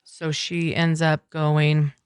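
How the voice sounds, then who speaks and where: A middle-aged woman telling her personal story in an interview, speaking in a measured, reflective and earnest way. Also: low-pitched, monotone, clean tone, no room sound, studio quality. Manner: measured, reflective and earnest, often quoting others. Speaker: interview guest, mother sharing her story. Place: coffeehouse.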